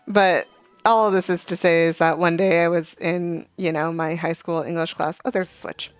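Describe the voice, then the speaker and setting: A woman's voice: fairly low pitch, steady tone, moderate pace, smooth, dry recording. A young adult woman streaming a game, chatting casually and telling a rambling story full of fillers and asides. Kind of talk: casual gaming chat. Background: faint game music.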